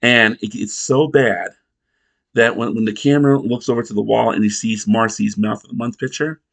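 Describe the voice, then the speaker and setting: A man reviewing a sitcom episode in casual narration, rambling and halting with many restarts. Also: medium pitch, steady tone, vocal fry, a bit bright.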